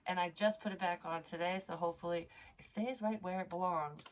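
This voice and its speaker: Talking straight into the camera for a personal vlog, this middle-aged psychic medium wanders from point to point, curses offhandedly, and leans on "like" and "you know." Her voice sits a bit low with a steady tone, and she reads cards aloud slowly.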